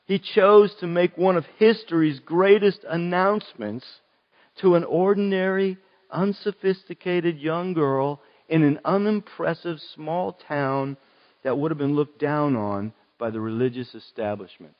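A man with a Western Pennsylvanian accent preaching a sermon as a pastor, conversational and slowing on key words. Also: on the high side. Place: church. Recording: dull, long church reverb.

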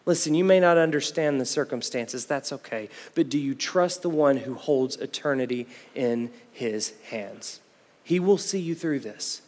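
Youngish male pastor preaching, kinda high voice, big hall echo, keeps saying listen. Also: moderate pace, darkish tone. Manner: preaching with a repeated "listen", building intensity. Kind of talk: sermon.

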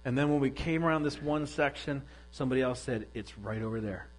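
A man's voice: medium pitch, fairly quick, rough recording. A middle-aged man giving a sermon, telling a personal story in a candid, self-deprecating way. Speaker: pastor.

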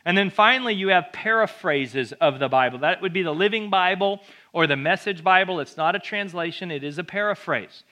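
A man preaching a sermon as pastor, in an energetic, conversational way with jokes. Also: high-pitched, brisk, few pauses.

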